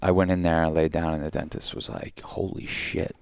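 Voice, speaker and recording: A man's voice: a bass voice, quick pace, clean tone, dry recording. A young adult man co-hosting a podcast, telling rambling stories in casual chat and acting out what people said. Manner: rambling, animated, acts out quotes. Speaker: podcast co-host.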